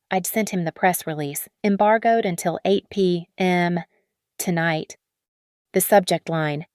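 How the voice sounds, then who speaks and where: A woman narrating a first-person story in a steady, measured way. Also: lowish voice, clear, resonant tone, no echo, clean studio sound.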